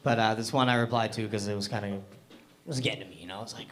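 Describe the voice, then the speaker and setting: A young man from Hamilton, Canada, does a loose, rambling open-mic stand-up set on a comedy club stage, packed with fillers and self-deprecating asides. His lowish voice stays steady in tone and he talks very fast, with slight background noise.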